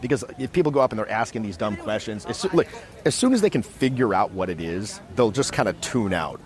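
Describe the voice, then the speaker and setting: A man teaching social skills in a casual, animated way, acting out quick scenes as he explains. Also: fairly low pitch. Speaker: dating coach. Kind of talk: casual instructional talk. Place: outdoors in a city.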